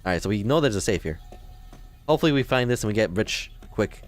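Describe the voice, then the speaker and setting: Soft background music accompanies this let's play host, a young man from Chicago in the US Midwest. His voice is lowish with lively intonation and a quick pace, and he jokes casually while talking back to the game's characters.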